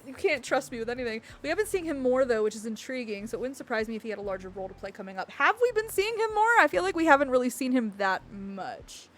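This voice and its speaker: A woman streaming, chatting excitedly and rambling, with frequent laughs and apologies. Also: on the high side, quick pace, hardly any pauses. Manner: gestures and hits the desk when excited. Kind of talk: excited livestream chat reacting to a game. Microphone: desk mic picking up thumps.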